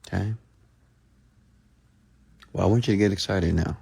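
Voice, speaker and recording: A man giving a late-night motivational livestream rant as a mentor, speaking straight to his listeners. He repeats phrases, swinging from loud pleading to a hushed, close tone. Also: sits low, steady tone, normal speed, creaky, breathy edge. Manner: repetitive, direct address to the listener.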